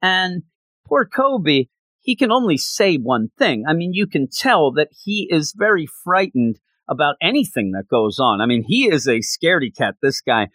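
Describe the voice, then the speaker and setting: A man with a somewhat high voice casually recaps an anime episode. He tells it in an animated way, slipping into voices for the characters. The recording is dry and close. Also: moderate pace, no room sound. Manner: animated storytelling with acted-out quotes. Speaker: anime reviewer.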